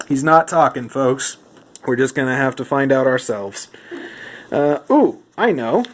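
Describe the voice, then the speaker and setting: A man's voice: fairly high pitch, animated, normal speed. Man in a mock-serious comedic monologue. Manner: mock-serious, theatrical, asks questions to a silent companion. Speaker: vlogger. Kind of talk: comedic monologue while reading rulebooks.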